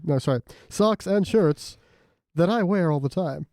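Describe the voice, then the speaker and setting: A man's voice: high-pitched, lively intonation, measured pace, a little mellow, no echo, clean studio sound. A man guesting on a podcast, chatting casually and riffing on jokes with frequent giggles. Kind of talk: casual comedic chat.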